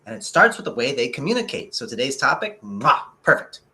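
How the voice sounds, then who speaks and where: A guest consultant on a live talk show speaks with excitement and drive in a mid-range voice. He rushes ahead, then deliberately slows down to drive his points home.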